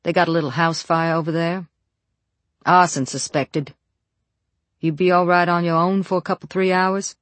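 Give a folksy, friendly small-town deputy, as a narrator puts him on, chatting easily and calling out a bit louder than the narration. The sound is dry and close. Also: male voice, fairly high pitch, level tone, normal speed, long pauses, no echo, natural voice.

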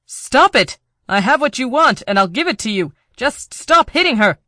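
Calm helpful computer guy explaining stuff, narrator doing it, dry close mic. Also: mid-range voice, moderate pace, no room sound, lightly acted. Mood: desperate. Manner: calm, explaining, pleading when she is hit. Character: loyal male house computer.

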